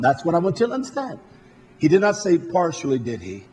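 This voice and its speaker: A man preaching a sermon, fervent and blunt, swinging from quiet asides to shouted peaks. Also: on the high side, big pitch swings, fairly quick, faint music behind.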